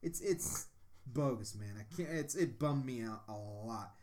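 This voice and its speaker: A young man co-hosting a casual movie podcast from his home basement studio, mocking a film in a sarcastic, animated way. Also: mid-range voice, a little slow. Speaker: podcast co-host. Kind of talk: casual movie-review chat.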